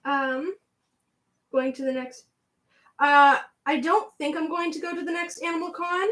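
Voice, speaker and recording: A woman's voice: high-pitched, little pitch movement, measured pace, fairly bright tone, rough recording. A young woman with a southwestern Ontario Canadian accent hosting a casual livestream. She is bubbly and chatty, laughs often, and answers her viewers' chat as she goes. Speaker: livestream host.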